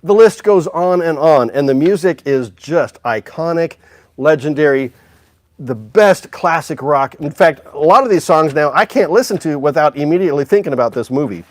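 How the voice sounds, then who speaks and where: A man's voice: a little high, lively intonation, normal speed, dry recording. A man hosting a casual music store livestream, upbeat and chatty, greeting viewers by name.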